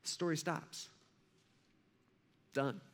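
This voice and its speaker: Bright, animated male pastor preaching. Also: on the high side, very slow. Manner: conversational, animated storytelling with filler words. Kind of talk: sermon with personal story.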